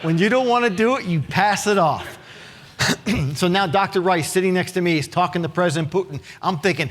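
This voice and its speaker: A man's voice: on the high side, fairly quick. A middle-aged man giving a keynote speech, telling a vivid story with acted-out quotes and wry asides. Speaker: keynote speaker. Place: conference hall with a live audience.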